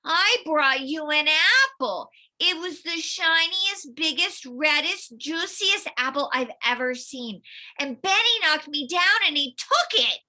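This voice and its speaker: A woman voicing a small, upset boy in a storybook she reads aloud, loud and excited. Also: high voice, slow, exaggerated voice. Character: small upset boy, timid but wronged.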